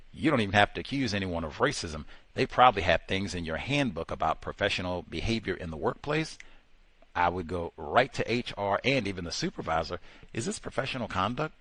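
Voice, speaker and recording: A man's voice: fairly low pitch, a bit bright, no echo, low-quality recording. A man hosting a radio talk show, giving impassioned, sarcastic commentary and drawing out key words for emphasis.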